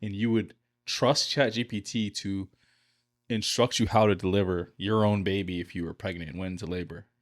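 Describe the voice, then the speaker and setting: A man co-hosting a podcast, chatting casually in a flat, low-key, monotone way. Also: moderate pace. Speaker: podcast co-host. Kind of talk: casual chat.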